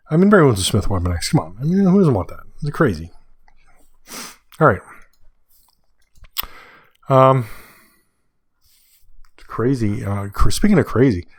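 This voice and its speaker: A man's voice: medium pitch, no room sound, studio quality. Chatty man hosting a solo podcast. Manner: chatty and rambling, with self-corrections and excited asides. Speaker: podcast host. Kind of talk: casual solo podcast monologue.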